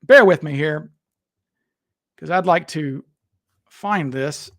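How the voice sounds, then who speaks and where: A man's voice: on the high side, slow pace, fairly bright tone, dry recording, clean studio sound. Rambling man hosting a live stream. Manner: rambling, restarts sentences, talks to viewers in chat. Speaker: livestream host. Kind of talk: casual livestream chat.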